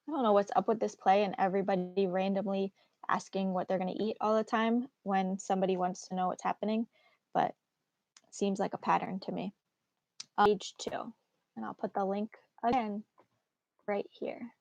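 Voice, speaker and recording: A woman's voice: mid-range voice, fairly even intonation, moderate pace, a little mellow, no room sound. A woman teaching a live online literature class in a casual, encouraging way, with frequent fillers. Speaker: English teacher.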